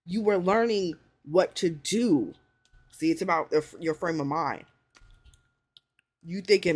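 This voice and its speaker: A woman's voice: a little slow, long pauses. A thirty-year-old woman chatting casually to viewers and giving advice, blunt and full of swearing, with lots of "like" and "you know". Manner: swings into high excited pitch when riled up. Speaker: vlogger.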